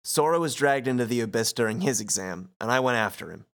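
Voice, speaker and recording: A calm, serious teenage boy speaks plainly, as a man reads his part. The delivery stays close to an ordinary speaking voice. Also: medium pitch, fast.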